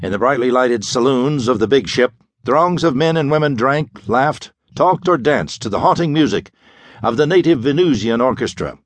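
A man's voice: mid-range voice, animated, normal speed, dry recording. A man narrating a classic pulp sci-fi audiobook in a dramatic, vivid storytelling manner.

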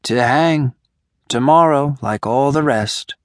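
A man voicing a weary, grave old man in an audiobook, speaking softly and sorrowfully. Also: mid-range voice, slow pace, dry recording, studio quality, pitched above the performer's own voice, lightly acted. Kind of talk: audiobook character voice.

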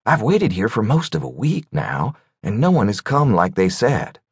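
A man's voice: medium pitch, very animated, measured pace, slightly rough, no echo, studio quality, pitched above the performer's own voice, full character voice. A man voicing a scared, nervous man on the run who talks in a quavering, pleading voice.

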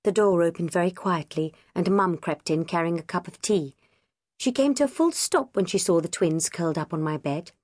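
A woman narrating a children's audiobook in the first person, with lively, expressive storytelling. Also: lowish voice, normal speed, no room sound, clean studio sound.

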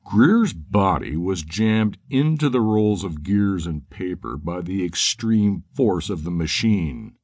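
A male audiobook narrator reading a crime story in a measured, steady way, recorded dry. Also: sits low, no room sound. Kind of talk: scripted narration. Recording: dry close studio sound.

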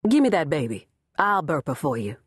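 A woman narrator voicing a sharp, cold grandmother in her late sixties for an audiobook, in a raised, cutting tone. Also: deep voice, sing-song, brisk, slightly rough, dry recording, clean studio sound, heavily acted. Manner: sharp and icy. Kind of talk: audiobook character voice.

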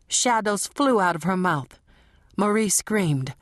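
Woman narrator, unhurried and dramatic, low-set voice, dry close sound. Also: animated, no room sound. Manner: measured, dramatic, sensual. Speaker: audiobook narrator. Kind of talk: scripted narration.

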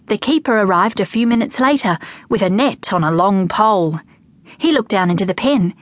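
A woman narrating a children's audiobook with lively, expressive storytelling. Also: medium pitch, moderate pace.

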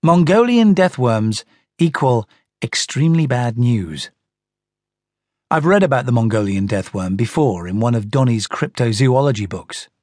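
A man narrating a children's audiobook in an animated storytelling manner. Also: mid-range voice, measured pace, no room sound, studio quality.

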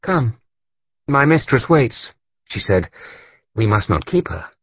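A man's voice: mid-range voice, big pitch swings, slow, slightly rough, no echo, lo-fi sound, pitched above the performer's own voice, exaggerated voice. A man reading an audiobook who voices a teasing, girlish young noble daughter. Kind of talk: audiobook character voice.

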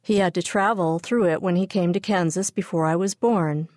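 A steady father in a children's storybook, speaking calmly and gently to soothe his daughters, as a woman narrator reads him. The voice sits fairly low and the sound is dry. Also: moderate pace, no room sound, lightly acted. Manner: calm, gentle, reassuring. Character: calm, reassuring father, steady.

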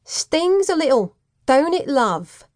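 A leering Cockney villain drawls his taunts slowly and with relish, voiced by a woman narrating an audiobook. The sound is dry and close, with no room around it. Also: high voice, big pitch swings, darkish tone, no echo, pitched above the performer's own voice, exaggerated voice. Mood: taunting.

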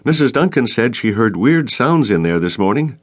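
A man's voice: mid-range voice, big pitch swings, normal speed, pitched above the performer's own voice. A man voicing an earnest, worried young man who insists on checking on a friend, in an audiobook. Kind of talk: audiobook character voice.

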